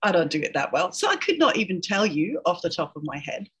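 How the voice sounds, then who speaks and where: A woman's voice: on the low side, very animated, fast, a bit bright, slightly rough. A middle-aged woman, an educational linguist, explaining as an interview guest in a chatty way, laughing often and tagging her points with "right?". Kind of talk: casual interview chat.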